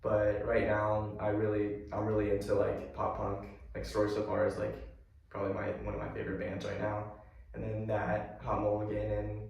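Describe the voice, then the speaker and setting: A young man answering podcast questions in a halting, low-key way. His voice is low, gravelly and flat, with little pitch movement. He is far from the mic in an echoey room. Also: muffled recording. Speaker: band guitarist, guest. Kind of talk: casual interview.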